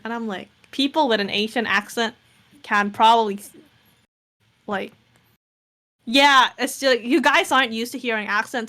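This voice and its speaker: A young woman with a bright, ringing voice that sits a little high. She chats casually, blunt and sarcastic, and drops swear words while she argues. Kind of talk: casual chat.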